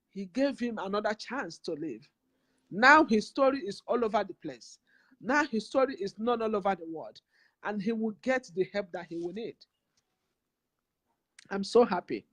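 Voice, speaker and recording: A woman's voice: on the high side, dry recording. A woman from Nigeria with a Nigerian English accent, making an impassioned, preachy vlog appeal full of repeated phrases. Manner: emphatic, repetitive, preachy. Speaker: community vlogger.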